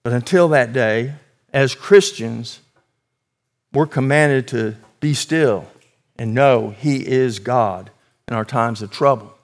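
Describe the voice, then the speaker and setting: A man preaching a sermon in an earnest, emphatic way, slowing and swelling for emphasis. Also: mid-range voice.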